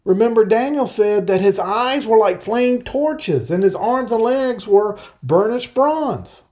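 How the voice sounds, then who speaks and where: A man preaching an earnest verse-by-verse sermon, explaining scripture and reading passages aloud slowly. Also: high voice, lively intonation, mellow. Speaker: pastor. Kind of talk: Bible-teaching sermon.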